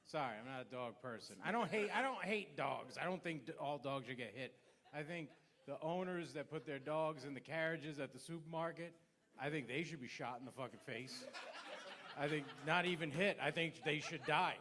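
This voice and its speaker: A man's voice: on the high side, normal speed, a bit bright. A man doing stand-up on a comedy club stage, ranting bluntly and crudely with stammers.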